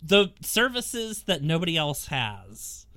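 A man's voice: on the high side, sing-song, takes it slowly, sharp tone, dry recording, clean studio sound. A man co-hosting a casual podcast, joking, swearing and laughing often. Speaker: podcast co-host.

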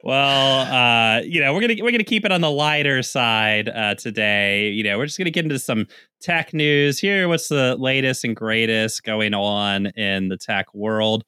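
A man's voice: medium pitch, moderate pace, bright, forceful tone, clear, resonant tone, dry recording. A man co-hosting a podcast in casual chat, sardonic and laughing. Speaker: podcast co-host.

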